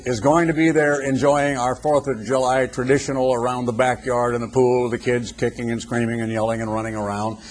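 An older man giving a radio sermon, husky-voiced, building emphatic rhetorical questions. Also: medium pitch. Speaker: preacher, radio broadcaster.

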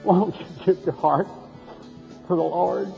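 A man's voice: sits high, fairly even intonation, measured pace, creaky, darkish tone, breathy edge, big-room sound, lo-fi sound, faint music behind, full character voice. A man putting on a syrupy, sing-song TV preacher. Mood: mocking syrup. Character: syrupy, sugary male television preacher, put on mockingly.

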